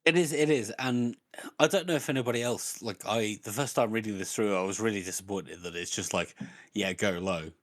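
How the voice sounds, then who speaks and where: A man's voice: fairly low pitch, a little fast, no room sound. A man co-hosting a podcast, talking bluntly and profanely about a book in casual chat. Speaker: podcast co-host.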